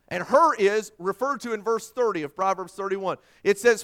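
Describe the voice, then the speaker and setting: Male preacher, high and resonant; dynamic sermon delivery, heavy on scripture. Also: moderate pace, few pauses, clean tone. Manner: dramatic, swinging from forceful to hushed; emphatic scripture quoting. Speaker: pastor.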